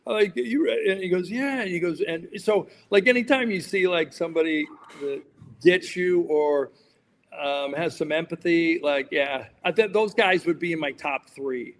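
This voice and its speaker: A man's voice: a little high, normal speed, big-room sound. A man, a sports journalist and podcast guest, telling rambling anecdotes in casual chat, full of fillers and restarts.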